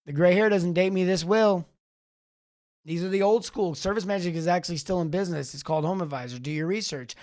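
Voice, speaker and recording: A middle-aged man hosting a live show, coaching plumbing business owners in a rambling, animated way. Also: sits high. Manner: animated, rambling, talks back to live chat. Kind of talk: live-streamed coaching talk.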